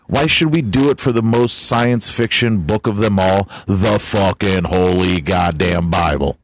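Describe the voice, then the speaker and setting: A podcast host rants bluntly in a comedic tirade, swearing constantly. His voice sits low and runs a little slow, on a dry recording.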